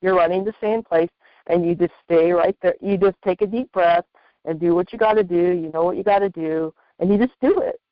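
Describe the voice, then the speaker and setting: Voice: medium pitch, a little fast, dry recording. A host in a casual interview, talking in an encouraging, conversational way and often repeating points. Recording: dull lo-fi dry line.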